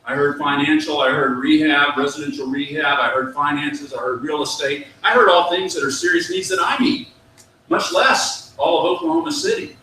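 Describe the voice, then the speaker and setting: A man's voice: a little high, lively intonation, normal speed, pushed and bright, a little hiss or hum. A man in his fifties giving a motivational business talk to a live audience, telling stories and acting out bits of dialogue. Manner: storytelling, acts out dialogue, has audience repeat phrases. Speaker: business speaker. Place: meeting room with an audience. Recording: echoey room, mic at a distance.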